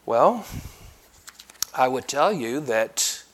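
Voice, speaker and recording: A man preaching a sermon, putting rhetorical questions to the congregation and building to loud, emphatic peaks. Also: mid-range voice, very animated, very slow.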